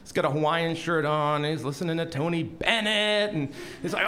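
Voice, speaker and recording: A man telling a personal story on stage in an animated, self-deprecating way with comic timing. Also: a little high, normal speed, hardly any pauses, a crowd in the background. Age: young adult.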